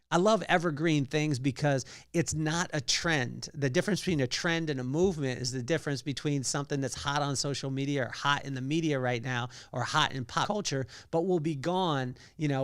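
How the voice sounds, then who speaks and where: A man's voice: mid-range voice, moderate pace, hardly any pauses, clean tone, no echo, studio quality. A man hosting a solo podcast, telling a story with energy and acting out the quotes in other voices. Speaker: podcast host.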